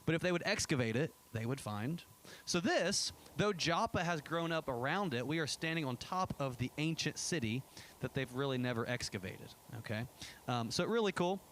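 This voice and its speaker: A man's voice: a little high, lively intonation, normal speed, a bit bright, slight background noise. A man giving a casual church presentation about a trip, chatty and enthusiastic, with many fillers and restarts. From United States. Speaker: pastor. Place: church sanctuary.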